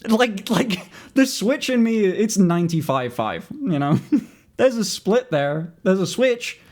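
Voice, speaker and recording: A young man with a British accent and a fairly high voice talks casually to his stream. He is frank and self-mocking, and he often trails off and restarts his sentences. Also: very animated, slow. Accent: British English. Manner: candid, self-deprecating, rambling with restarts. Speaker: livestreamer. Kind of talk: casual livestream chat.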